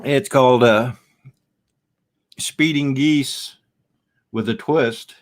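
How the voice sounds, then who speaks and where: A middle-aged man chatting on a live stream from his home camera, talking slowly and unhurriedly. He rambles from one thought to the next and stops to greet viewers and answer their comments. His voice sits at an ordinary middle pitch. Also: slight background noise. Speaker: livestream host. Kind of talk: casual live-stream chat.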